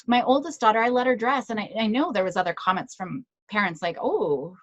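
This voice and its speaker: A woman's voice: fairly high pitch, animated, fast, fairly bright tone, no room sound, dull audio. A woman psychologist giving a conversational talk to parents, often checking in with "right?" and telling stories about her own kids. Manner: conversational, tag questions and personal anecdotes. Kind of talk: presentation to parents.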